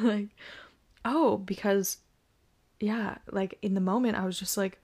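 Pregnant lady podcasting about her own story, kinda gravelly, lots of likes and ums. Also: medium pitch, fairly even intonation, slow pace. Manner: emotional, reflective, many fillers. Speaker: podcast host. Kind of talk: personal storytelling monologue.

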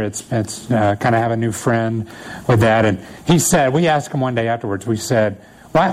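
A male pastor preaching a sermon in a casual storytelling way, animated and conversational, with frequent fillers and laughter at his own stories. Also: medium pitch, low-quality recording.

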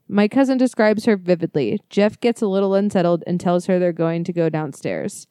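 A woman co-hosting a podcast, chatting casually and reading listener ghost stories aloud with quick, laughing, profane asides. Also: on the low side, warm tone, smooth, no echo, studio quality. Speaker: podcast co-host.

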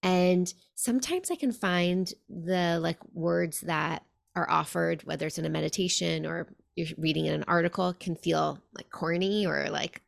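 A woman's voice: fairly low pitch, steady tone, moderate pace, gravelly. A woman podcast host and meditation teacher, talking in an earnest storytelling way with many "like"s. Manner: earnest, warm-hearted storytelling with frequent "like". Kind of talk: podcast conversation.

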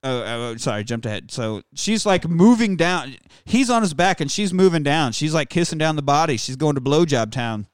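A man casually recapping a film in animated, jokey, profane storytelling. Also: fairly high pitch, moderate pace, hardly any pauses, smooth, dry recording.

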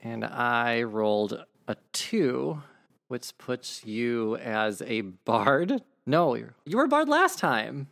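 Brief: male game master, casual rules talk, gravelly fry in the voice. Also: mid-range voice, slow pace. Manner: relaxed, explains rules, swears casually. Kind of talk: running a tabletop game.

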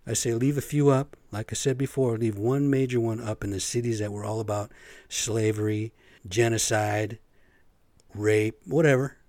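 A man's voice: fairly low pitch, steady tone, normal speed, a little mellow, dry recording. A man hosting his own podcast, rambling in casual, profane talk with lots of fillers. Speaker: podcast host. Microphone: podcast microphone.

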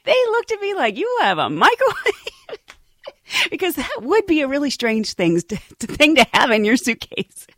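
A woman hosting a podcast, telling stories in a casual, animated way and laughing often. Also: high voice, normal speed, no room sound, clean studio sound. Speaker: podcast host. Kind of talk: casual storytelling.

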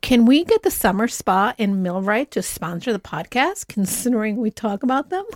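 A woman co-hosting a podcast with her husband, chatting casually, effusive and quick to laugh. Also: fairly high pitch, very animated, dry recording, clean studio sound. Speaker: podcast co-host. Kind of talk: casual chat.

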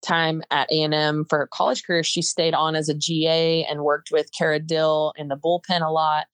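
A woman in her twenties, a softball player chatting as a podcast guest in quick, filler-laden bursts. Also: sits low, little pitch movement, clean tone, no echo. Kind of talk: casual interview chat.

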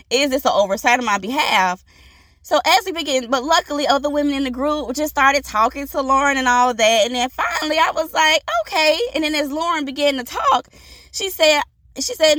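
A woman hosting a podcast, telling an inspirational story in an animated, preachy way and acting out the voices in it. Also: sits high, dry recording, studio quality. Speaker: podcast host.

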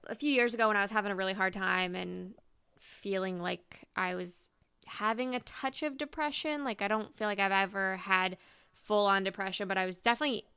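A woman in her twenties co-hosting a podcast, telling stories in an animated, emotional way with lots of "like". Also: medium pitch, fairly quick, smooth, no echo. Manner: animated, emotional storytelling full of "like". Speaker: podcast co-host. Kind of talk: casual chat.

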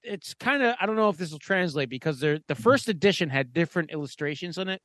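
Man, high voice, dry close mic, casual podcast storyteller, swears, rambles. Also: expressive, fast talker, a bit bright, no room sound. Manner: profane, rambling, lots of "like" fillers. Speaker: podcast co-host.

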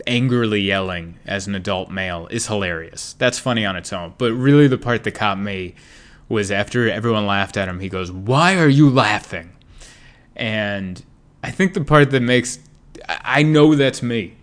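A young man hosting his own comedy podcast, talking casually in a rambling, jokey way with sarcastic asides and big swings in pitch and loudness. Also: moderate pace. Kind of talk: casual solo podcast monologue.

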